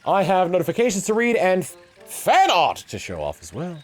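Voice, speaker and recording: A man's voice: high voice, wildly swooping pitch, a little fast, soft background music. A young man talking casually on a game livestream, rambling with lots of fillers and restarts. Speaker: game streamer.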